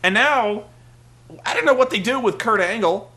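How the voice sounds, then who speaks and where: A show host with a high, bright, sharp-edged voice delivers a rambling, ranting review at a moderate pace. Exasperated and sarcastic, he swears freely, keeps restarting sentences, and fills his loose talk with filler words.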